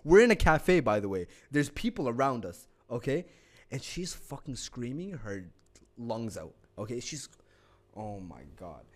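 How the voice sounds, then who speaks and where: A man's voice: mid-range voice, unhurried. A young man co-hosting a podcast, telling a story in casual chat, swearing often and acting out what people said. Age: young adult. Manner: animated, swears a lot, acts out quotes. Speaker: podcast co-host.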